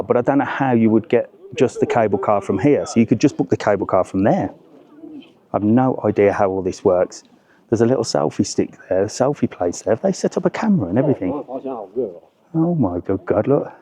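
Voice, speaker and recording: A man's voice: on the low side, mellow. A middle-aged man, vlogging his trip in a chatty, blunt way and swearing when annoyed. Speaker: travel vlogger. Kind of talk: casual travel vlog. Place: crowded alpine train station and train. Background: crowd chatter.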